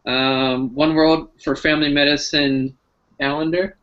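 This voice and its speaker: A man's voice: on the high side, little pitch movement, a little slow, a bit bright. A man, a physician guest, chatting in an upbeat way on a video call and showing items as he talks. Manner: upbeat, shows items while talking. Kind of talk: casual video-call chat. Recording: dull lo-fi call audio.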